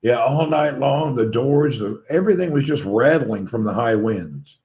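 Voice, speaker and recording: Livestream host, American man with a Southern accent, sleep-deprived and slightly crackly, greets his viewers in a relaxed, chatty way. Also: medium pitch, normal speed. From Tennessee, USA. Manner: friendly, greets viewers one by one. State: tired, voice a little crackly from poor sleep. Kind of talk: casual livestream chat, reading out viewer comments.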